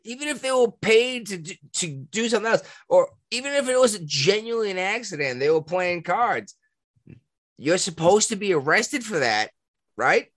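Animated Massachusetts man co-hosting. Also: moderate pace, no room sound, studio quality. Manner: animated, swings to high pitch when worked up. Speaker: podcast co-host. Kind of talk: casual chat.

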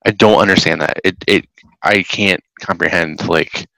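Man with a deep gravelly voice, bright edge, dry close mic, wry chat. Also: steady tone, moderate pace, no echo, low-quality recording. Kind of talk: casual chat.

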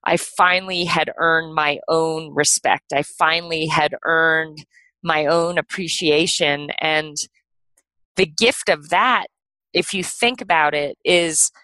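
Speaking slowly in a low-sitting voice, a middle-aged podcast guest shares a personal story, casual and animated, peppered with "like" and "you know." There's no echo, though the audio quality is poor.

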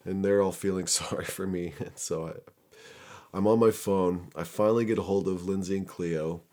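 Low-voiced young man telling a raw story. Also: fairly even intonation, moderate pace, a little mellow. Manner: candid, profane, rambling with restarts. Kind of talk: casual personal storytelling.

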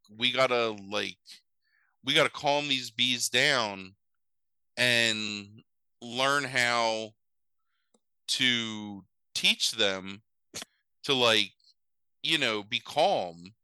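Man, podcast host, casual rambling chat, swears a lot, lots of fillers, smooth clear voice, dry close sound. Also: mid-range voice, bright, forceful tone, dry recording, rough recording. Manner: rambling, profane, full of fillers and asides. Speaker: podcast host recapping a film.

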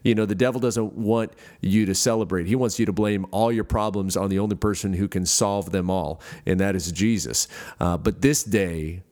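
A man's voice: sits low, steady tone, moderate pace, a little mellow. A middle-aged man from the United States preaching a sermon as pastor, earnest, with frequent fillers and restarts. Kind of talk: podcast sermon.

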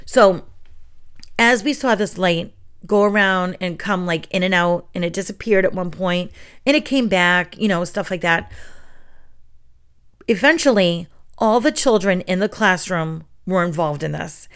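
A woman's voice: lowish voice, normal speed, clear, resonant tone. Gushing middle-aged woman storyteller. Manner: gushing, animated storyteller who acts out quotes. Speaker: preschool teacher and story podcast host. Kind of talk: reading a bedtime story and chatting afterwards.

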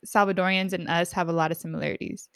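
A woman from Honduras chatting casually as a podcast guest, playful and quick to laugh as she explains slang. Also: fairly low pitch, steady tone, creaky, a bit bright, clean tone, no echo, clean studio sound. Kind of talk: casual chat.

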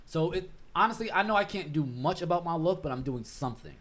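Brief: male podcast host, relaxed and slangy, voice on the higher side. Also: fast. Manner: laid-back, slangy, storytelling. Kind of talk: casual podcast chat.

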